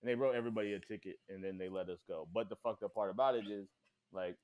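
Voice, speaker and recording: A man, a comedian guesting on a podcast, telling a profane, animated story in casual chat. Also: on the low side, fast talker, highs cut off.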